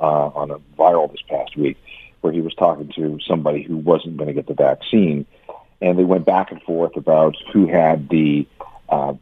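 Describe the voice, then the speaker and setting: Brief: deep, husky-voiced male music commentator calling in by phone, tinny line, animated, stammers. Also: dry recording. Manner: stammering, repeats words, animated. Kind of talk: phone-in radio interview. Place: lives in Canada.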